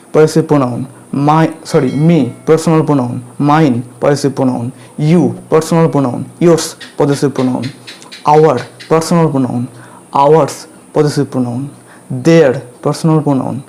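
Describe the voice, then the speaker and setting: Indian English male teacher, slightly high, mellow tone, slow and repetitive lecturing. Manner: slow and repetitive, checks in with "okay" and "clear?". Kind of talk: grammar lecture.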